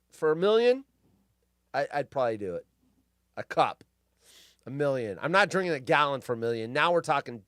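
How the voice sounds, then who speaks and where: A man's voice: on the high side, clean tone, dry recording, clean studio sound. A man hosting a live stream, reading news stories aloud in casual commentary with crude, rambling asides and frequent swearing. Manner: animated, jumps between loud outbursts and mutters.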